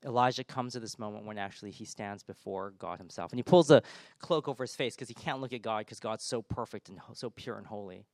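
A man preaching a sermon in church, his voice swelling loud on big points and dropping soft on gentle ones. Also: on the low side, quick pace, hardly any pauses, no echo, studio quality.

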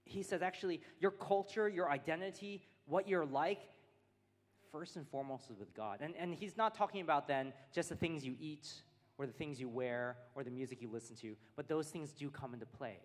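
A man's voice: fairly high pitch, normal speed. An American man, a pastor, preaching a sermon in a church hall, earnest and building his points through repeated phrases. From United States. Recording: long hall reverb.

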